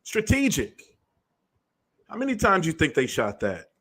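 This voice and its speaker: A man's voice: a little high, wildly swooping pitch, brisk, fairly bright tone. A man hosting a show, delivering a blunt, profane commentary monologue. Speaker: show host.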